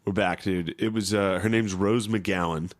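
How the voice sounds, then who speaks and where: A man's voice: sits low, fairly even intonation, moderate pace. A man co-hosting a comedy podcast, chatting crudely and laughing while doing mocking voices. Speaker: podcast co-host. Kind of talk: casual comedy podcast banter.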